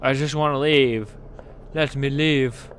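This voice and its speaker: A man's voice: mid-range voice, steady tone, takes it slowly, fairly bright tone, a little hiss or hum. A young man commentating a horror game as he plays, jumpy and panicky, breaking into screams and swearing when something startles him. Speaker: gaming YouTuber.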